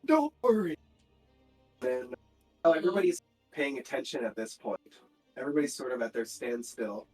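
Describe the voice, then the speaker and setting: A man narrating a tabletop role-playing game as game master, in halting, filler-filled speech. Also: mid-range voice, darkish tone, faint music behind, low-quality recording.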